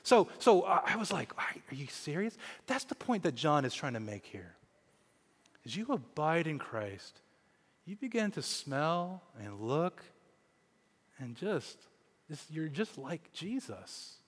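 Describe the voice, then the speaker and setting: A man's voice: fairly high pitch, slow, husky. Kansas guy in his 40s preaching, voice swings up and down a lot, stumbles and repeats words, echoey church. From Kansas, USA. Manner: animated, often repeats words when starting a thought. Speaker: pastor. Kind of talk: sermon.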